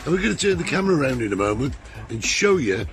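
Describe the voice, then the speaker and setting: A man's voice: mid-range voice, big pitch swings, fast. An easygoing, teasing man hosting a casual talk show outdoors at a hilltop lookout. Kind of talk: casual chat.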